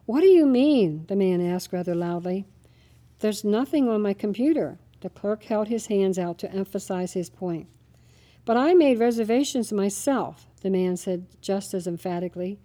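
A woman reads a devotional story aloud in a steady, scripted narration. Her voice is mellow and dark in tone, sitting at a middle pitch. She gives the characters' lines a light lift without fully acting them.

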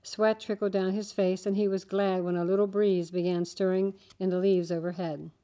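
A woman narrates a children's story aloud in a steady, gentle storytelling manner. Her voice is medium in pitch and her speed is normal.

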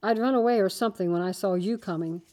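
A woman reading the part of a shy, hardworking teenage boy who speaks calmly and politely in a children's story. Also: medium pitch, fast, close to an everyday voice. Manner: calm, polite.

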